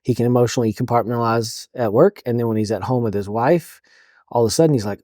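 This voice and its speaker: Male counselor guest, mellow dark tone, casual, halting speech full of "um" and "like". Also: on the low side, steady tone, no echo, clean studio sound. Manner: halting, full of fillers and restarts. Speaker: counselor for police officers. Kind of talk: casual podcast interview.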